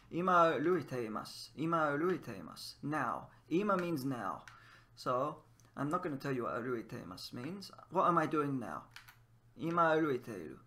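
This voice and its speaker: A man's voice: mid-range voice, a bit bright. A man with a mid-range voice gives a casual gaming lesson. He is playful and laughs often, and he drills words over and over. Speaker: language teacher.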